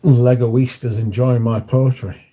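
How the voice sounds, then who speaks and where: A man's voice: medium pitch, steady tone, a little slow, dark tone. Dry, offhand man. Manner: dry, offhand, reads chat comments aloud and answers briefly. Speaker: livestream host reading chat. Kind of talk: casual chat.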